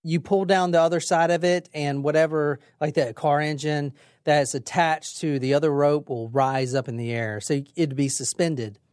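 A woman's voice: low-pitched, steady tone, moderate pace, darkish tone, no echo, clean studio sound. A woman hosting a podcast, telling a true crime story in a casual, blunt way, with swearing. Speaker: podcast host.

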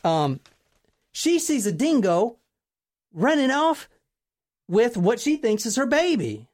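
A woman hosting a casual chat, telling a true crime story in an animated way, swearing casually and acting out quotes. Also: fairly high pitch, slow pace.

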